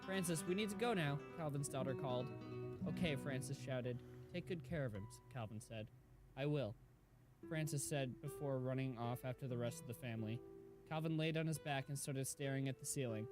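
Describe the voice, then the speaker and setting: A man hosting a reaction video, reading a sad story aloud gently and lowering his voice for quoted lines, then reacting emotionally. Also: moderate pace, music in the background.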